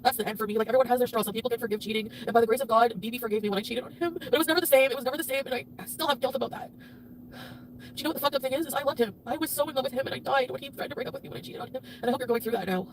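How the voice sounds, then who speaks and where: A woman ranting angrily on a livestream, swearing, her voice swinging between loud outbursts and quiet muttering. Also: on the high side, very fast, a little hiss or hum. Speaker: livestreamer being reacted to. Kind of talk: emotional livestream rant.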